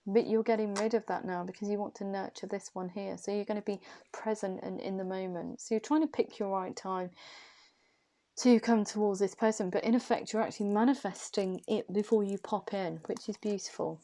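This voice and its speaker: Woman, tarot reader, chatty, musing, mellow tone, mid pitch. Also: steady tone, moderate pace, a little hiss or hum. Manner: musing, chatty, thinks aloud and repeats questions to the cards. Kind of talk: casual spoken tarot reading.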